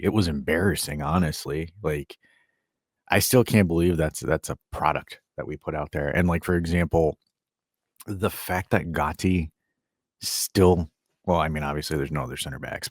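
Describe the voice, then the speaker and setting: A man hosting a casual sports podcast, animated and sarcastic, rambling with lots of "like". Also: very deep voice, normal speed, no room sound, studio quality. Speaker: podcast host.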